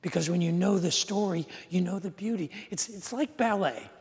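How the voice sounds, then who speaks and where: High-voiced pastor with an echoing hall sound. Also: male voice, normal speed, darkish tone. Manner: conversational storytelling, asks the audience questions, dry humor. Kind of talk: sermon. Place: church sanctuary. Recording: long hall reverb.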